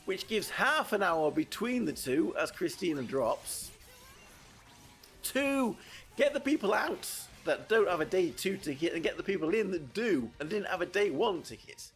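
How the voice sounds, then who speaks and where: A man's voice: high-pitched, very animated, normal speed, faint music behind. A man from the UK, chatting casually and rambling as he streams a game as a VTuber. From United Kingdom. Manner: rambling, chatty, with frequent restarts. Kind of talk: casual gameplay commentary.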